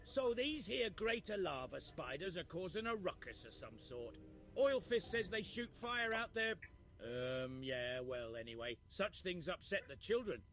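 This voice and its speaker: High, bright old dwarf quest giver: gruff, bossy and full of folksy complaints. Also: male voice, very animated, measured pace, faint music behind, heavily acted. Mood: grumbling. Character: grumbling old male dwarf quest giver with aching feet. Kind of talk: reading game quest text aloud in character.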